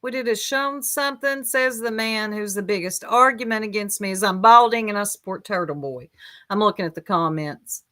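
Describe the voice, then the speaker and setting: A woman's voice: medium pitch, moderate pace, a bit bright. A woman giving sarcastic reaction commentary on a clip, mocking it with asides to her viewers. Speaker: commentary streamer.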